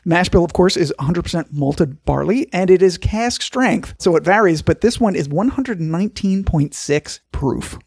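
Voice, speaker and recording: A man co-hosting a podcast, with a gravelly, husky voice pitched a little high. He reads facts from his notes and throws in wisecracks. The sound is close and dry. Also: expressive, normal speed, few pauses, a little mellow, no room sound. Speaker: podcast co-host. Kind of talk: casual chat with read-out notes.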